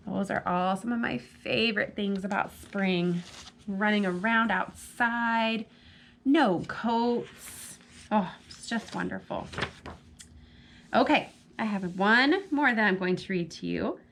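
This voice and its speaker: This library storytime host has a mid-range, fairly bright voice and speaks slowly, captured by a camera mic with slight hiss or hum. Chatty and direct with the young children, she reads them poems and keeps asking them questions.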